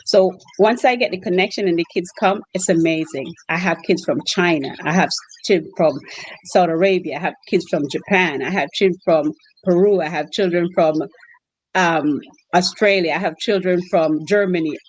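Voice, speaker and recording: A woman's voice: fairly low pitch, moderate pace, low-quality recording. A woman who hosts exchange students, telling stories in an interview and acting out the quotes. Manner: animated storyteller, acts out quotes. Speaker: host family mom for exchange students. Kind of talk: storytelling interview chat.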